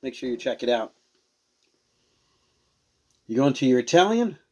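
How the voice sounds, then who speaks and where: A man's voice: mid-range voice, very animated, moderate pace, a little mellow. A man casually reviewing and tasting beers on a show he hosts, rambling and searching for words as he goes. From Rhode Island. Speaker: beer reviewer.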